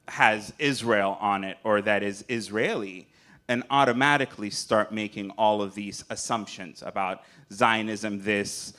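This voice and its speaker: A man's voice: on the low side, a bit bright. Impassioned man from Gaza on a panel. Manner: emphatic, urgent, repeating phrases for force. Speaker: conference panelist. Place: conference hall.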